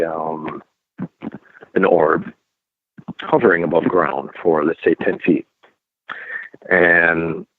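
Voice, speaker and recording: A man's voice: deep voice, dry recording. A middle-aged man with a French accent, a paranormal investigator telling stories in a rambling way full of fillers and restarts. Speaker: paranormal and UFO investigator guest. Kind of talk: casual interview over the phone. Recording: tinny phone line.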